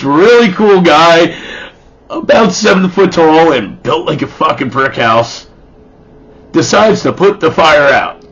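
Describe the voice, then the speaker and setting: A man's voice: on the high side, fairly bright tone, husky, dull audio. A man telling rambling, profane stand-up stories about himself, often stammering through restarts. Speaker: stand-up comedian. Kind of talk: stand-up storytelling.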